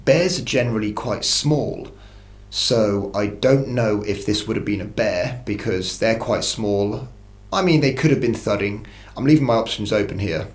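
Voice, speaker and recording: A man's voice: lowish voice, moderate pace, reverberant. A man telling a first-person story in a casual, rambling way, full of restarts and swearing. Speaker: channel host telling an encounter story.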